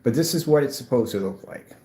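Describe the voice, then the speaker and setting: A mid-range voice with a dark tone, lively intonation, and fast delivery belongs to a man demonstrating his projector screen paint casually at home. He rambles emphatically like a salesman in a room with a projector and a gray wall, and the sound echoes roomily.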